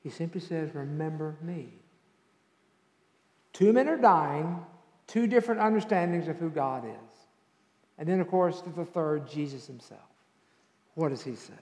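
A male pastor preaching a sermon and telling stories, building to loud emphasis at times. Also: fairly high pitch, animated, measured pace, pauses often. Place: church sanctuary. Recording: echoey church hall with long reverb.

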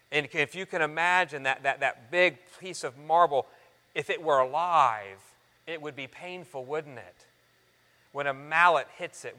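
A man preaching a sermon, earnest, calling his listeners friends and shifting from loud emphasis to soft, hushed lines. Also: medium pitch. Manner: addresses the congregation as friends. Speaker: pastor. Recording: long reverb of a large hall.

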